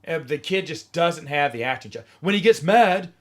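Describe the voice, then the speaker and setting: A middle-aged man hosts his own podcast and talks casually through an opinionated review. His voice sits a little higher than most men's. He is sarcastic and sometimes mocks lines in a deliberately flat voice. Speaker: podcast host. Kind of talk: casual solo review monologue.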